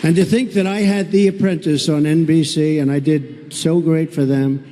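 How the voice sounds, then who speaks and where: A man's voice: on the high side, steady tone, moderate pace, dark tone. Boastful man giving a rally speech, echoing hall. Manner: repetitive, boastful, mocking. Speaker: political candidate at a rally. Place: large indoor venue with a crowd. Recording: long reverb of a big hall.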